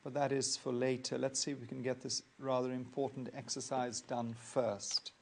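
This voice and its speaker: A man teaching accounting in a recorded lecture, explaining worked examples in a measured, methodical way and repeating key points. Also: medium pitch, little pitch movement, vocal fry. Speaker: accounting tutor.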